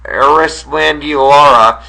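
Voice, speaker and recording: A man's voice: fairly high pitch, slow pace, vocal fry, bright, forceful tone, rough recording. A man with a New York accent co-hosting a wrestling radio show, reading out listener questions in a laid-back way. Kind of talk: casual radio banter.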